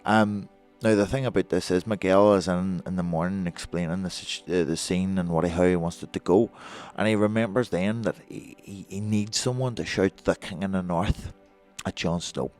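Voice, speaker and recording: A man with a low voice tells a long story, swearing freely and acting out other people's lines. Soft music plays faintly behind him. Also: normal speed, few pauses. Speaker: guest, former film extra. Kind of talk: animated storytelling.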